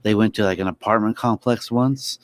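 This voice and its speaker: A man on a casual podcast, laid-back and halting, full of fillers. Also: lowish voice, dry recording. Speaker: podcast co-host. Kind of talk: casual chat.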